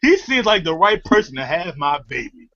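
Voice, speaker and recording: The clip captures a man co-hosting a podcast: he rants in a crude, funny, animated way and keeps breaking into laughter. He speaks at normal speed in a high voice, and the recording is muffled.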